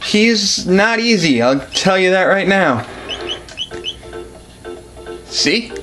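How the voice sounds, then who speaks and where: A man's voice: high voice, animated, drawn-out words, sharp tone, soft background music. A man giving casual, joking commentary while playing a video game. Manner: joking, self-deprecating. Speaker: let's play commentator.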